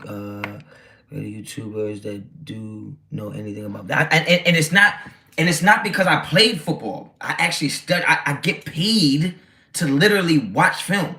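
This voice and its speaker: This man's gravelly, medium-pitched voice comes across bright and forceful. He hosts a casual football stream, reading viewer messages aloud and firing back with brash, swear-filled replies.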